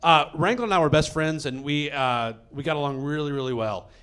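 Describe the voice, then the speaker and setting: A man telling a funny story from his school days, deliberate, singing bits of an old jingle. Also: on the high side, a bit bright, smooth. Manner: deliberate, sings jingle lines. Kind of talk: comedic storytelling.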